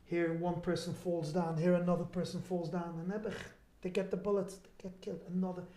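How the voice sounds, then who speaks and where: Fervent high-voiced man. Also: flat delivery, fairly quick, dark tone, roomy sound. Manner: dramatic, fervent. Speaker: event speaker. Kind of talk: impassioned storytelling and fundraising appeal. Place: live charity event.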